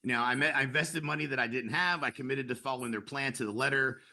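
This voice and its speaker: A middle-aged man pitches his program in a quick, eager webinar delivery. His voice is bright and forward, and he stacks fillers and restarts as he pushes on. He sounds persuasive. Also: steady tone. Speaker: real estate broker pitching to agents. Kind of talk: sales webinar talk.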